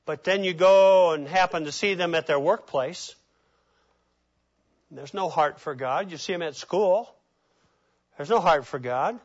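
A pastor preaching a sermon, animated, acting out the voices of people he quotes. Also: on the high side, a little slow, long pauses. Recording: muffled lo-fi sermon recording.

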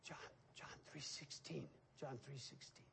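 A man's voice: medium pitch, steady tone, fairly bright tone, pitched below the performer's own voice, heavily acted. A man voicing a shy teenage boy who speaks only in a hesitant whisper. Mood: timid whisper. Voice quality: whispered, breathy. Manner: hesitant, halting.

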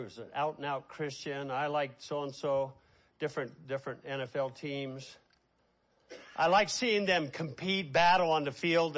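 Man preaching with slow heavy emphasis. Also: fairly high pitch. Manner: preaching with slow drawn-out emphasis and sudden quiet asides. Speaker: pastor. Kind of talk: sermon.

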